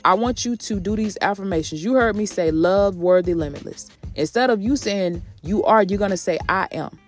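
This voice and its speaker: A woman's voice: mid-range voice, moderate pace, soft background music. A woman hosting a motivational podcast, talking in a sassy, preachy way, calling her listeners sis and honey. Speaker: podcast host.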